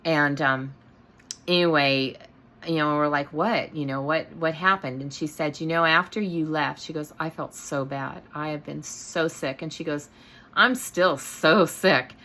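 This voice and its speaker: A middle-aged woman with a low, deep voice tells a story from her own life. Her talk is casual and rambling, full of fillers and false starts. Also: steady tone, moderate pace, bright, forceful tone. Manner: rambling, many fillers and restarts. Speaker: host.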